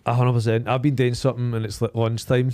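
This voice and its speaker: Rapid, rambling man for podcast chat, recorded close and dry. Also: medium pitch, little pitch movement, a little mellow, no echo.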